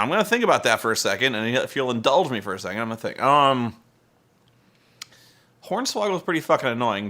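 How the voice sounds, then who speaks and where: A man's voice: medium pitch, pushed and bright. A man giving a profane, exasperated comedic rant while recapping a wrestling show, mimicking wrestlers.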